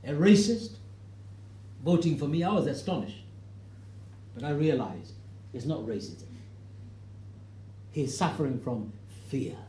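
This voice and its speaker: A middle-aged man giving a storytelling talk to an audience, acting out the quoted voices and rising to loud, emphatic points. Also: fairly high pitch, expressive, unhurried, long pauses, reverberant, a little hiss or hum. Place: hall with an audience.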